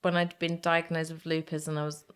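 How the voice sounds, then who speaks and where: A middle-aged woman, a guest in an interview, telling her story in an expressive, animated way with frank language. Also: low voice, brisk, clear, resonant tone. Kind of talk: casual interview conversation.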